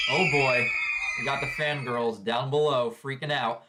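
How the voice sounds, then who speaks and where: Excitable man reacting to anime. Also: mid-range voice, normal speed. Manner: excitable, chuckles often, thinks aloud with questions. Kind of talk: casual reaction commentary.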